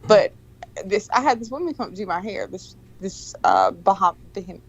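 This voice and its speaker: A woman's voice: mid-range voice, animated, moderate pace, vocal fry, breathy edge, dull audio. A woman co-hosting a podcast in casual chat, blunt and teasing, swearing freely. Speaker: podcast co-host.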